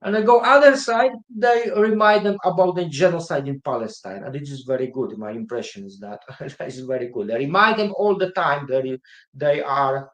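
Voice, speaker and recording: Halting man in an echoey room. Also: a little high, a bit bright. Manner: halting, searching for words, many fillers. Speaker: guest. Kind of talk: casual livestream chat.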